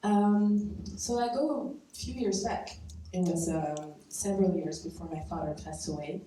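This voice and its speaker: A woman's voice: lowish voice, unhurried, mellow. A woman from Belgium telling a personal story to a live audience, casual and conversational, laughing at her own lines. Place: stage at a live storytelling event. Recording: echoey room from far off, faint noise.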